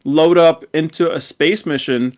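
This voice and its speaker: A man co-hosting a fan podcast, telling an excited, rambling story in casual chat. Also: on the high side, measured pace. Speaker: podcast co-host.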